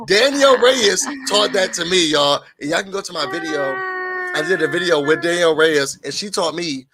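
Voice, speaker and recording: A man co-hosting a casual chat, animated, acting out other people's lines with soft gasps. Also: fairly high pitch, moderate pace, noisy background. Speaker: co-host.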